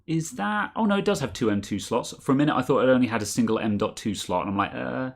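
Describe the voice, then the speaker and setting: A man's voice: mid-range voice, animated, fast talker. A man co-hosting a casual tech stream over a video call, rambling and correcting himself as he reads viewer comments. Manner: rambling, self-correcting, chuckles often. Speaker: tech podcast co-host reading super chats.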